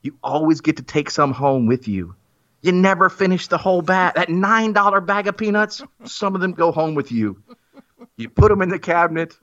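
A man's voice: sits high, animated, moderate pace, a bit bright. A man giving a playful, theatrical mock-persuasive monologue in a self-mocking way. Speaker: guest making a comic pitch. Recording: muffled lo-fi recording.

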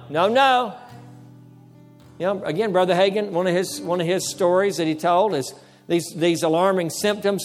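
Male pastor, high voice, emphatic sermon delivery, faint music in the background. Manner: emphatic, repeats phrases, acts out dialogue with the devil.

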